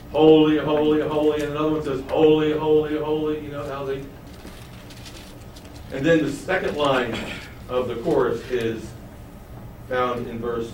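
A man leads a Bible study lesson, posing questions to his listeners and answering them himself. His voice sits at a medium pitch with slight background noise. The recording sounds roomy, with the mic placed at a distance.

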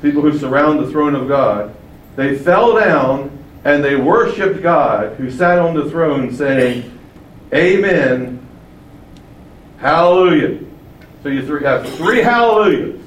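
A man preaching a sermon, emphatic and fond of rhetorical questions, his loudness swinging widely from phrase to phrase. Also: a little high, animated, measured pace. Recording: echoey room from far off, faint ambience.

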